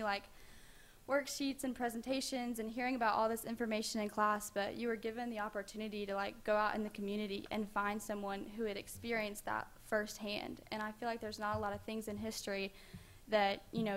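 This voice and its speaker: A woman's voice: medium pitch, a bit bright. Chatty teenage girl, lots of "like". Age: teens. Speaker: student speaker. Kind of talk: public speech at a meeting. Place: school board meeting room.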